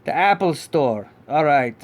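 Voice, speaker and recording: Man doing a goofy dino puppet pup, vague put-on foreign accent, slightly high voice, halting, rambling podcast host. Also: lively intonation. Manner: rambling, halting, many restarts. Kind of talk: live podcast character act.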